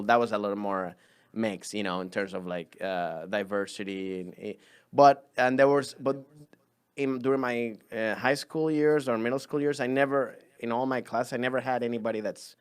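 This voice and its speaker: A young man from Venezuela with a Spanish accent, a comedian telling stories in a rambling, animated way on a podcast. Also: mid-range voice, a little fast, smooth. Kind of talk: casual chat.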